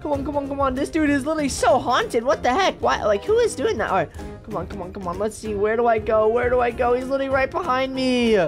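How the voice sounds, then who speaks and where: A woman hosting a game video with excited, gasping commentary, easily startled and full of exclamations. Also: high-pitched, quick pace, over music. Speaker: gaming host.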